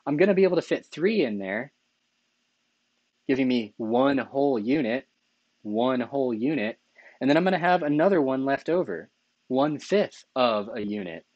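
Over slides, a man teaches a math lecture in a medium-pitched, darkish voice with no room sound. He's enthusiastic, often corrects himself, and keeps tossing in a rhetorical "right?"

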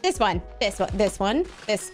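A woman's voice: medium pitch, sing-song, moderate pace. A young woman hosting a gaming video, giving bubbly, gushing commentary as she plays and talking sweetly to the animals on screen. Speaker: gaming channel host. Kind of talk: playing a video game with live commentary. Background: background music.

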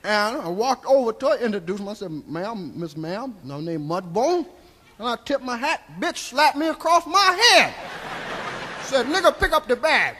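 A comedian playing a crude, rambling old Southern storyteller with a Southern US accent, drawling folksy tales on a live stand-up stage. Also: male voice, very high-pitched, lively intonation, moderate pace, bright, forceful tone, a little hiss or hum, heavily acted. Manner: drawling, folksy, keeps tagging lines with "see?". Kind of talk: live stand-up character monologue.

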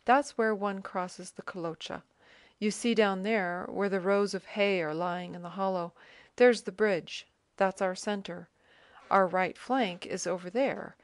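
A woman's voice: mid-range voice, fairly even intonation, a little slow, dry recording, lightly acted. A woman reading a proud army officer. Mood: explaining. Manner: explaining eagerly, pointing things out. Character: self-assured male army officer, proud of his work.

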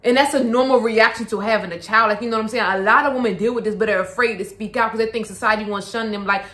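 A woman's voice: medium pitch, quick pace, hardly any pauses, fairly bright tone. A young woman and mother talking casually to camera in a vlog, full of slang, asides and "like"s. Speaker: vlogger, mother. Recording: echoey room.

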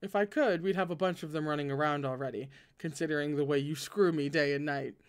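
A man's voice: a little high, fast talker, smooth, natural voice. A man doing a cheeky teasing young man.

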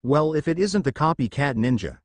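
A man's voice: on the high side, animated, a little fast, dry recording, natural voice. A man reading the lines of a menacing adult male swordsman ninja in a storybook.

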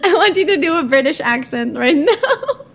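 A woman's voice: sits high, very animated, normal speed, a bit bright, slight background noise. A woman with a Filipino accent hosting a casual livestream, bubbly and giggly as she chats with viewers. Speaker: livestream host.

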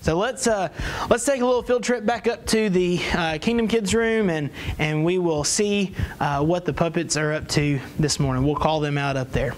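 A man's voice: high-pitched, normal speed, a little hiss or hum. A man hosting a children's church lesson in an upbeat, playful way.

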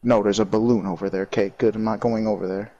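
A young man chatting while playing a co-op game, jumpy and quick to swear, breaking into panicky bursts. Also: fairly low pitch, steady tone, mellow, dull audio. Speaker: gamer playing co-op. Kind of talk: casual gaming chat.

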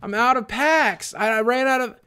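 A man's voice: very high-pitched, normal speed, pushed and bright, clear, resonant tone. A man streaming live, chatting casually and rambling as he thanks viewers.

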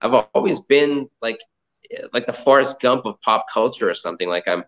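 A man's voice: medium pitch, animated, normal speed, a bit bright. A man from the Boston area, a guest on an interview over a video call, telling stories in a loose, rambling way full of fillers and restarts. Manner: rambling, filler-heavy storytelling. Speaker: guest, comic art collector and entrepreneur. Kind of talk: casual interview chat. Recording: dull lo-fi audio.

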